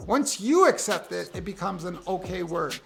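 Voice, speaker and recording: A man in his fifties from the United States, talking candidly to camera with wry, animated storytelling. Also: high-pitched, moderate pace, creaky, soft background music. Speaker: vlogger sharing a personal list. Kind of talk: casual talk to camera.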